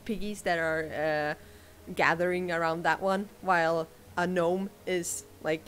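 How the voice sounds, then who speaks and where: A woman running a tabletop game as game master, talking in a halting way with many fillers and frequent laughter. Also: fairly low pitch, fairly even intonation, a bit bright, slight background noise.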